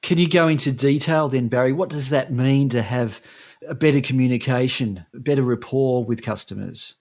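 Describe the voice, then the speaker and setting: A man's voice: mid-range voice, normal speed, a little mellow. Plain-voiced male interviewer. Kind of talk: podcast interview questions.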